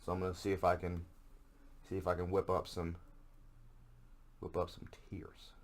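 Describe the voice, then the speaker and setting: Deep-voiced, profane podcast host. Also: male voice, completely flat delivery, normal speed. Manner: profane, sarcastic, rambling. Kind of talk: casual solo podcast rant.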